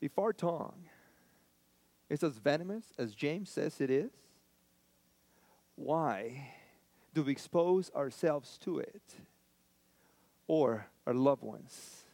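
A man's voice: fairly high pitch, expressive, slow pace, creaky, long pauses, mellow, no room sound. A man preaching a sermon as pastor, telling stories in a conversational way and repeating lines for emphasis.

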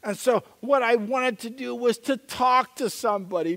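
A middle-aged male pastor preaching a story-driven sermon, animated and acting out the voices in his anecdotes. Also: extremely high pitch, normal speed. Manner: animated, acts out quoted voices, chuckles at himself. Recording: long reverb of a large hall.

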